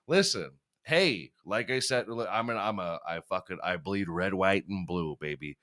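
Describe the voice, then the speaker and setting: Rambling profane podcast host, smooth voice. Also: male voice, low-pitched, animated, normal speed, fairly bright tone. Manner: rambling, profane, laughs at himself. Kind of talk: casual chat.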